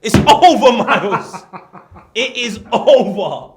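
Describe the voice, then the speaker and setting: A man's voice: extremely high pitch, expressive, slow pace. A man co-hosting a casual podcast chat, mocking a friend between laughs. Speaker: podcast co-host.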